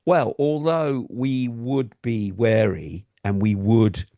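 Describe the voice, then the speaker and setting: A man's voice: mid-range voice, slow pace, dark tone, dry recording. A man co-hosting a casual talk show, explaining things earnestly. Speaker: co-host. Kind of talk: casual chat.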